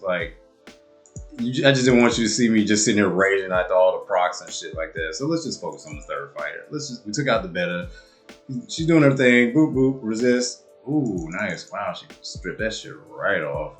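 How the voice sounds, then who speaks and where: Cursing man narrating his own gameplay. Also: low voice. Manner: swears a lot, swings from muttering to loud outbursts. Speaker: gamer and video creator. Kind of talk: live gameplay commentary.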